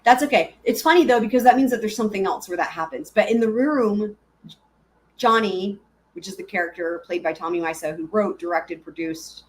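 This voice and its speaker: A woman hosting a live stream, chatting casually and giggling as she answers her viewers. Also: on the low side.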